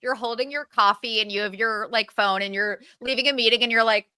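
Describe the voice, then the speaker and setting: A young woman co-hosting a podcast, laughing often and chiming in with quick agreement. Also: fairly high pitch, steady tone, bright, forceful tone, smooth, dry recording, studio quality. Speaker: podcast co-host. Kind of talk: casual gossip chat.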